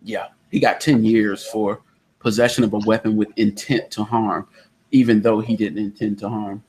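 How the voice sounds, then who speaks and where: A man hosting a casual online discussion with a Southern American accent, telling a story in an animated way and acting out the people in it. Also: on the low side, moderate pace, a little hiss or hum. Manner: animated storyteller, acts out quotes loudly. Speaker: podcast host. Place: indoors during a thunderstorm. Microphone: online call connection.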